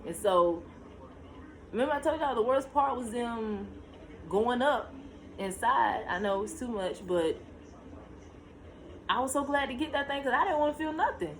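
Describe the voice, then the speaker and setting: A young woman recounts her own story in a casual home vlog, talking straight to her viewers. Her pitch jumps high whenever she relives a tense moment. The camera mic picks up faint noise in the room. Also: animated, normal speed, pauses often, low-quality recording. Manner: talks to viewers directly, shushing her child between lines. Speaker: vlogger telling a story.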